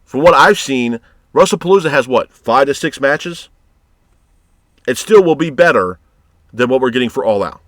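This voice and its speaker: A man's voice: medium pitch, animated, normal speed, pauses often, a bit bright, no room sound, clean studio sound. A man reviewing a wrestling show in a heated, profane rant, exasperated and blunt. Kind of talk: ranting commentary.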